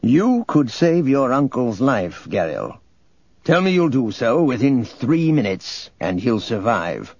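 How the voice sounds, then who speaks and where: A man voicing a scheming male imperial governor with smooth, calculating menace. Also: medium pitch, big pitch swings, slow, a little mellow, highs cut off, exaggerated voice. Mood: coldly threatening.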